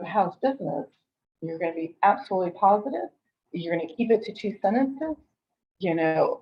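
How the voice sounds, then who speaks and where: A woman's voice: on the low side, a little mellow, dull audio. Chatty middle-aged woman trainer. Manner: chatty, repeats and restarts, acts out quoted callers. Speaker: real estate trainer. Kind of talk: conversational training talk.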